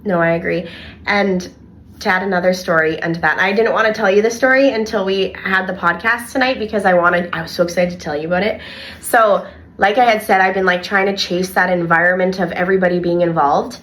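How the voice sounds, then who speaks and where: A young adult woman, co-hosting a casual podcast and telling animated stories from her childcare work with lots of "like". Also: lowish voice, a little fast. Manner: animated storyteller, heavy filler "like". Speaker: podcast co-host and childcare worker.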